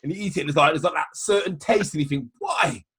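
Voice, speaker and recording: A man's voice: on the high side, quick pace, a loud crowd. A man co-hosting a podcast, telling stories and teasing the others in casual chat. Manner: animated, teasing, laughing storyteller. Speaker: podcast co-host.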